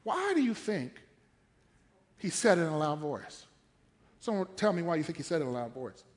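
A man's voice: a little high, very animated, normal speed. A man preaching a sermon in church, emphatic and firing questions at the congregation.

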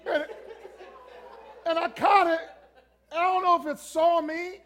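A male pastor telling a comic story in a sermon, animated, acting out voices and screams and stumbling through bursts of repeated words. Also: very high-pitched, takes it slowly, some chatter behind. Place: church before a congregation.

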